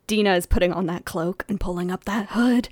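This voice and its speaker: A woman describes her character's moves in a tabletop game. She talks in a casual, playful way. Her voice is mid-pitched, and the sound is dry and close. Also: a little fast, darkish tone, dry recording. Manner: playful, laughs often. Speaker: player.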